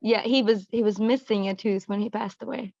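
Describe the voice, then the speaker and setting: Woman, gravelly, dry muffled audio, brief matter-of-fact replies. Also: medium pitch, fairly even intonation, fairly quick, warm tone, no echo. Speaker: client. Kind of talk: casual conversation.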